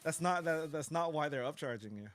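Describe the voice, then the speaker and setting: Male streamer, casual live chat, ranting, swearing, fairly high voice, faint background music. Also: a little fast, no room sound. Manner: animated ranting, swears, chuckles often. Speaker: card-break streamer.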